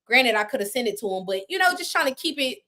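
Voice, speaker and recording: A woman guest on a live video call, telling her story in casual, animated talk, acting out what people said with slang and swearing. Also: fairly high pitch, fast talker. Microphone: phone on a live video call.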